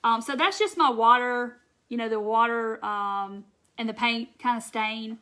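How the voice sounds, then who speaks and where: Southern lady chatting through a craft demo live, bright forward voice, slightly high, faint hiss behind. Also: measured pace. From Mississippi. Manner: chatty, folksy, reads viewer comments aloud. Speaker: craft livestream host. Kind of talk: casual craft demo livestream.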